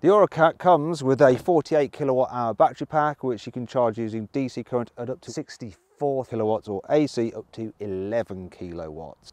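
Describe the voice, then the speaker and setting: A man's voice: fairly low pitch, dark tone, no echo. Upbeat British man reviewing a car. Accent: British English. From English Midlands. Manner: upbeat, playful, chatty. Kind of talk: presenting a car review video. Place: in and around a car.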